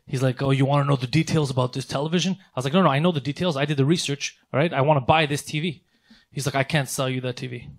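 A man in casual chat, telling an animated, profane story and acting out angry exchanges. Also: mid-range voice, racing.

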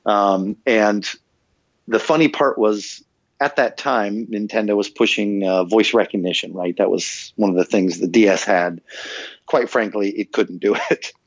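A middle-aged man, a guest in an interview, telling animated anecdotes and acting out the voices of people in them. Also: lowish voice, unhurried, dry recording. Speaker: guest, former game localizer and voice actor. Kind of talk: casual storytelling interview. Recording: dull, slightly muffled dry sound.

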